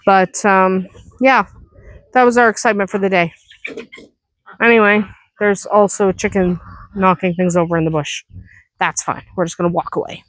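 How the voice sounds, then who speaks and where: A woman's voice: mid-range voice, fairly even intonation, moderate pace, pauses often, no echo. Woman farmer chatting to camera outside, kinda worn out, dry close sound. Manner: chatty and reassuring, talking while walking around the farm. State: tired and sore after heavy lifting. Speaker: farm vlogger. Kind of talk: casual vlog chat. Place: outdoors on a farm.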